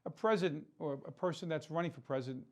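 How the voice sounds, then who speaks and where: A man's voice: on the high side, fast talker. A man hosting a political talk show, delivering an impassioned commentary monologue full of rhetorical questions and repeated words for emphasis.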